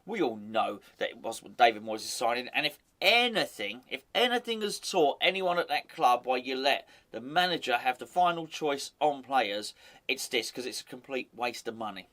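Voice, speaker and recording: A man's voice: mid-range voice, lively intonation, normal speed, bright, forceful tone. A man hosting a football fan channel, giving chatty, opinionated commentary with wry asides.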